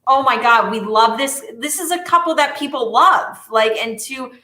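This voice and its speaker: A woman co-hosting a podcast, chatting casually in an animated, emphatic way. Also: on the high side, moderate pace. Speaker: podcast co-host. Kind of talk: casual chat. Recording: roomy echo.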